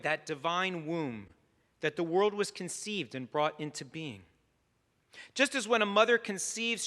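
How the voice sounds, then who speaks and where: A man, a rabbi, delivering a holiday sermon in measured, emphatic phrases with long pauses. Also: high-pitched, sharp tone. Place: synagogue sanctuary. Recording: long reverb of a large sanctuary.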